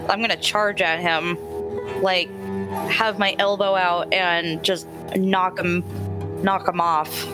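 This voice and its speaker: Woman player, unhurried, brash and foul-mouthed, tabletop session with music behind. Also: fairly low pitch, fairly even intonation. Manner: brash and profane, swears freely. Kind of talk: playing a tabletop role-playing game.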